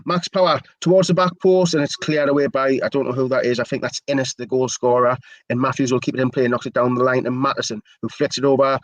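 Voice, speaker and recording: Guy calling a match live on a fan stream, mid pitch, chatty and opinionated. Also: fairly even intonation, quick pace, no room sound, low-quality recording. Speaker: match commentator. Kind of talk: live fan play-by-play commentary.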